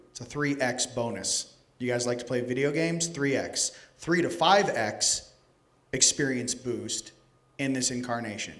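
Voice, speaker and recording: A man giving a casual, joking lecture to a live conference audience, animated and profane, addressing people directly. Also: medium pitch. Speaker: conference speaker. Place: conference hall stage.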